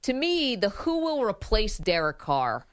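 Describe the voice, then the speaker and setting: A woman's voice: medium pitch, wildly swooping pitch, measured pace, dry recording, studio quality. A woman co-hosting a sports talk show, chatting casually about football and laughing often. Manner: laughs often, chatty, reads quotes aloud.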